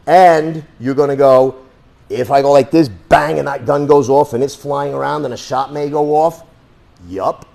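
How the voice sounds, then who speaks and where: Blunt, profane male self-defense instructor with a mid-pitched voice, demonstrating moves to a class. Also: steady tone, moderate pace, creaky, darkish tone. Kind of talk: hands-on demonstration lesson.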